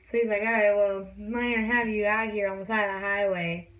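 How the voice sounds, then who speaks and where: A woman's voice: medium pitch, flat delivery, quick pace, lo-fi sound. A young woman telling a story in a casual, rambling way, full of fillers. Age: young adult. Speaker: vlogger. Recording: distant from the mic.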